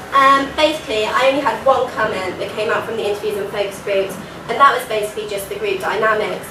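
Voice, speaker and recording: A young female student presents an earnest conference talk in a university lecture hall, her nasal, medium-pitched voice fairly even, quick, and with few pauses. She uses informal fillers like "like" and "so," and she is miked from far off in an echoey hall with background noise.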